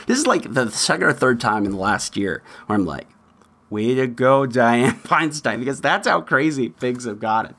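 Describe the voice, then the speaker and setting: A man hosting a podcast, giving opinionated political commentary in an animated way and often laughing mid-sentence. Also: medium pitch, normal speed. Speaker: podcast host.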